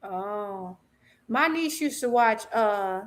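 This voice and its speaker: A chatty woman co-hosting a live boxing stream, quick to laugh. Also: medium pitch, expressive. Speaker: boxing podcast co-host. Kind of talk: casual live-stream chat.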